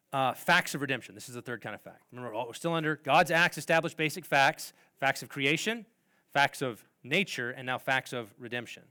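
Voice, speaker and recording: A middle-aged man speaking to a conference of pastors, teaching in a conversational way, asking the audience questions and often dropping his voice at the ends of phrases. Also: mid-range voice. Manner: wide swings in loudness, trailing off quietly at phrase ends. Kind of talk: lecture-style talk to pastors.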